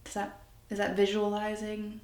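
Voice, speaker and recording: A woman's voice: mid-range voice, completely flat delivery, normal speed, darkish tone. A woman in her twenties telling a personal story on her channel, candid and rambling, with many restarts. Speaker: vlogger. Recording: echoey room.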